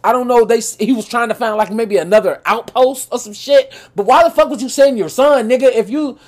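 A man's voice: extremely high pitch, a little fast. Profane man telling stories on a podcast. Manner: profane, animated storytelling. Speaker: podcast co-host. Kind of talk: casual chat.

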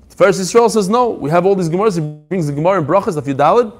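A man teaching a Talmud class, emphatic and animated, quoting passages and explaining them in English. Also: sits high, rapid-fire, soft background music. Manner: animated, emphatic, mixing Hebrew-Aramaic quotes with English explanation.

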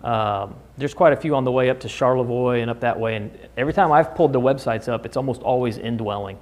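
Speaking fast in a medium-pitched, darkish voice, a man runs a Bible study in a church classroom in the American Midwest. The lesson is conversational: he explains the passages and puts questions to his class.

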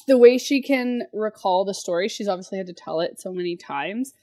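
A woman's voice: mid-range voice, expressive, brisk, warm tone, no echo. A woman co-hosting a podcast, chatting casually and hesitantly as she searches for words. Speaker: podcast co-host.

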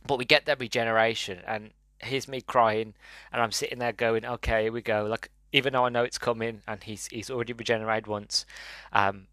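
A man's voice: medium pitch, fairly bright tone, no room sound. A man giving an earnest, emotional review, often restarting his sentences, his voice wavering as if close to tears.

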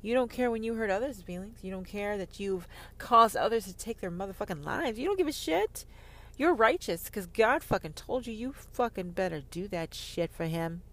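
A woman giving a heated monologue on faith, sarcastic and profane, swinging from loud outbursts to whispers. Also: mid-range voice, expressive, normal speed. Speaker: online Christian commentator.

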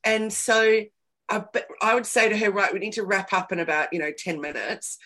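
A woman's voice: medium pitch, steady tone, moderate pace, sharp tone. A woman hosting a casual chat, telling candid stories with emphatic repeated words.

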